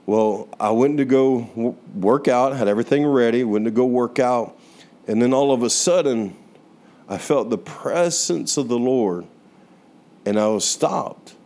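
A young man preaching, telling a personal testimony in an earnest voice that slows down for emphasis. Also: mid-range voice, darkish tone. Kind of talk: sermon testimony. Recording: guitar music playing underneath.

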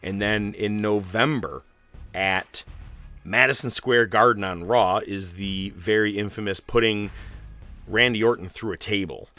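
Man, podcast host, casual rambling chat, lowish pitch, forceful tone, profane. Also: measured pace, soft background music. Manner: rambling and profane, with fillers and laughs.

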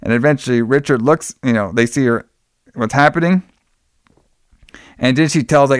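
Man, podcast host, casual film recap, rambling, swears a lot, smooth clear voice, dry close sound. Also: mid-range voice, moderate pace, long pauses, no room sound. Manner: rambling, profane, laughs often, acts out the characters' lines.

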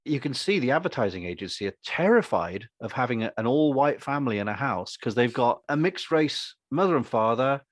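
A man who acts, talking through his opinions in a rambling, animated way and acting out other people's lines. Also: medium pitch, a little fast, few pauses, no room sound. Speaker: podcast co-host and actor. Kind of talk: casual opinionated chat.

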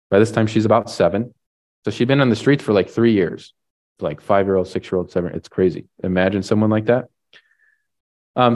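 A man with a lowish, darkish voice preaches a sermon, retelling a story casually. His delivery is filler-heavy, sprinkled with frequent "like" and "right?".

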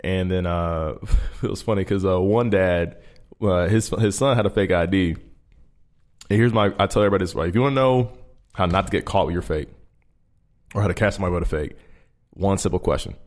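A man's voice: deep voice, a little fast. Tired, profane man telling stories. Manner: loose, profane, laughs through his stories. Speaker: podcast co-host. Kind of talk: casual storytelling chat.

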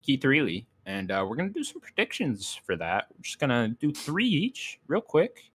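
A man's voice: fairly high pitch, huge pitch swings, moderate pace, slight background noise. A man hosting a casual video game podcast, joking and swearing freely as he moves the show along. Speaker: podcast host.

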